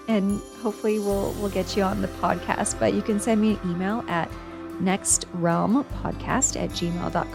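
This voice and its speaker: A woman's voice: medium pitch, darkish tone. Emotional woman podcast host. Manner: emotional, on the verge of tears; heartfelt with many restarts and fillers. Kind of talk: personal storytelling.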